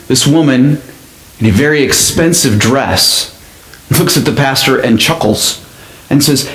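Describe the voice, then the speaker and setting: A male pastor telling a story in a sermon, with an expressive delivery that speeds up and slows down. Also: mid-range voice. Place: church sanctuary. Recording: echoey church sanctuary.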